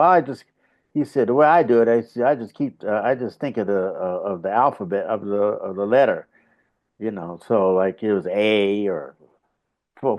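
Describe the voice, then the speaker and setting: A male saxophonist giving a video call interview, talking in a rambling, halting way with many fillers, now and then humming little grunts. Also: lowish voice. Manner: hums little grunts to illustrate. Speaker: saxophonist and bandleader, interview guest. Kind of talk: casual reflective storytelling. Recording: dull lo-fi video call audio.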